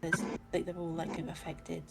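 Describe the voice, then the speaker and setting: A woman's voice: fairly low pitch, completely flat delivery, moderate pace, vocal fry, background noise. A woman player rambling through her theory with many fillers. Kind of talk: casual chat among tabletop players. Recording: music playing behind.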